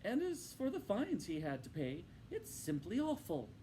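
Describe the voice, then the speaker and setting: A man's voice: high voice, wildly swooping pitch, moderate pace, mellow, slight background noise, voice pushed up. A man voicing a timid little male mole in a storybook read-aloud, sounding fretful and earnest.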